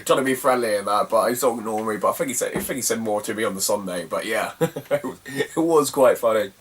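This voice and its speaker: A man's voice: on the low side, fast, recorded from a distance. A young man, telling a rambling, slangy story as a retro gaming vlogger and laughing often between phrases. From Cornwall, England. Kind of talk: casual rambling anecdote.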